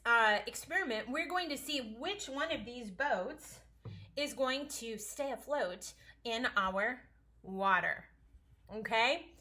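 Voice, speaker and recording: Bright, chatty woman teacher. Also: a little high. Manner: chatty, playful, encouraging. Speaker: science teacher. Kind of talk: casual home-school lesson.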